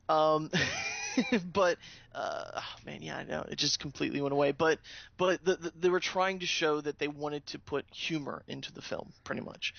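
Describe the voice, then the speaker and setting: A man's voice: fairly high pitch, bright, forceful tone, no room sound. A man co-hosting a casual podcast, reading a scene aloud and rambling with fillers and laughs. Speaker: podcast co-host. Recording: dull lo-fi sound.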